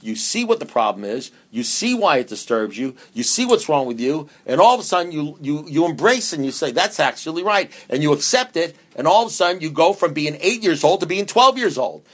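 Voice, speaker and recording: This man's voice is brisk, sing-song and a bit bright, pitched on the high side, with hardly any pauses. Speaking at a recovery meeting in a slightly raised voice, he's conversational and joking. He drives points home with repeated phrases and often restarts mid-sentence.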